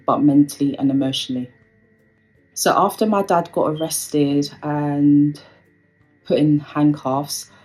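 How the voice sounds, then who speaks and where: A woman's voice: deep voice, a little mellow, poor audio. A young woman tells a personal story in a casual, rambling way, full of fillers. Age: young adult. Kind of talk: storytime recounting a personal experience. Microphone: phone.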